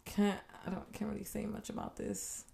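A young woman co-hosting a casual podcast, speaking haltingly with deadpan jokes. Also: mid-range voice, creaky. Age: young adult. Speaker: podcast co-host. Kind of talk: casual chat.

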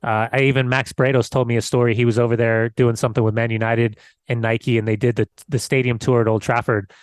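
A man's voice: mid-range voice, flat delivery, fast, dry recording. A man co-hosting a football podcast, talking in a loose, conversational way and searching for words. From United States. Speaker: podcast co-host. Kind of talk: casual football podcast chat.

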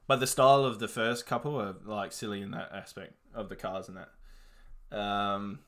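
Young Aussie man, bright rambling chat. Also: on the low side, flat delivery, normal speed. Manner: laid-back, rambling, many fillers and swearing. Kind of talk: casual chat reviewing movies.

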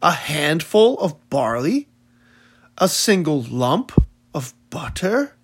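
A man's voice: fairly high pitch, sing-song, slow pace, slightly rough, full character voice. A man voicing a greedy, scornful uncle and aunt who mock their poor relatives, read as an audiobook. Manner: mocking, contemptuous questioning. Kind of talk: audiobook reading.

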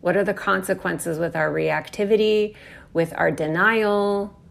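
A woman astrology speaker gives a reflective, earnest spiritual talk about astrology, casually swearing and acting out inner voices. Her mid-range voice is gravelly, steady in tone and measured in pace.

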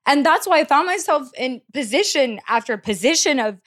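A young woman musician talking as a podcast guest. She is blunt, profane and animated in how she tells her story. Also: high-pitched, moderate pace. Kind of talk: casual podcast interview.

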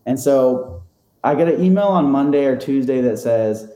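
Rambling self-deprecating man, mellow voice. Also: mid-range voice, expressive, moderate pace, echoey room. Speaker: interview guest. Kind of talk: casual storytelling.

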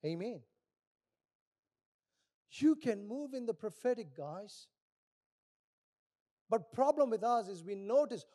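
A middle-aged male pastor preaching a sermon, animated, acting out little voices in his stories. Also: high-pitched, slow pace, long pauses.

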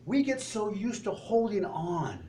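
A man's voice: sits high, sing-song, a little slow, mellow, slight background noise. A man preaching a sermon to his congregation in a church, in a conversational way, asking rhetorical questions. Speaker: pastor.

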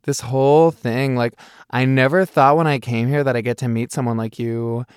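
A man's voice: mid-range voice, fairly even intonation, normal speed, a little mellow, smooth, no room sound, clean studio sound, natural voice. A man narrating an audiobook voices a cheerful, rambling young man who talks about himself without a filter. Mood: earnest. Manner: rambling, chatty, self-deprecating.

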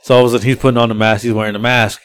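A man's voice: medium pitch, rapid-fire, clean tone. Rambling man telling stories. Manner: rambling, animated, laughs often mid-story. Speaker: podcast host and Uber driver. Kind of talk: casual podcast storytelling.

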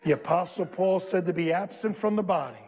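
Emphatic high-voiced preacher in a reverberant church. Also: male voice, noisy background. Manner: emphatic call-and-response preaching, leading the congregation in repeating lines; slows and stresses key phrases, rising to shouts. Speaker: pastor. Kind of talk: sermon.

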